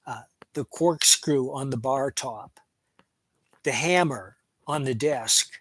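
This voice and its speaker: A man's voice: medium pitch, takes it slowly, a bit bright, slightly rough, no echo, rough recording. Opinionated man reviewing a movie. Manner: plain-spoken, opinionated, retelling plots at length. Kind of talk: casual opinionated film review.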